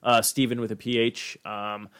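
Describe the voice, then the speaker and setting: A man co-hosts a casual podcast chat in a smooth, medium-pitched voice at a moderate pace. He rants animatedly and swears freely.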